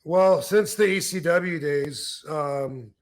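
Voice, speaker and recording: A middle-aged man from Michigan hosts a casual podcast chat. He rambles through a story with plenty of fillers and false starts. His voice sits slightly high for a man. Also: slow. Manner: rambling with many fillers and restarts. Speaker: podcast host, wrestler.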